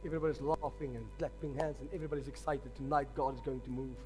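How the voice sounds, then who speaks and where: A man's voice: mid-range voice, fairly even intonation, fast, mellow. A man preaching a sermon, telling stories with emphatic delivery. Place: large church hall. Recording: long hall reverb with faint music.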